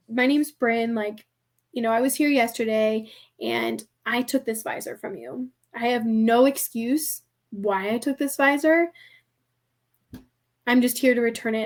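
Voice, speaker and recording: A young American woman with a high voice tells a story on a podcast. She is chatty and casual and fills her speech with "like". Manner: chatty, heavy use of "like", laughs often. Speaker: podcast guest.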